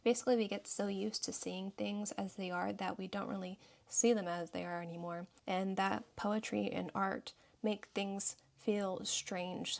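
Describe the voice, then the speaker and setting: A woman's voice: mid-range voice, vocal fry. A woman talking through her journal pages in a casual, reflective way, reading quotes aloud now and then. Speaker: journaling YouTuber.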